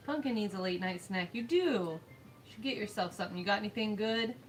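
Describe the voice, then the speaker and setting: A woman's voice: mid-range voice, brisk, slight background noise, rough recording. A woman co-hosting a live stream, chatting casually while gaming and reading chat aloud, laughing often. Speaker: streamer co-host.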